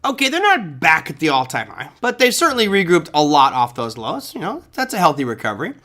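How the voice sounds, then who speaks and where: Bright-voiced man giving live market commentary. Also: fairly high pitch, huge pitch swings, fairly quick. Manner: casual, chatty, thinks aloud with fillers. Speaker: trading show host. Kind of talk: live market commentary, reading viewer chat.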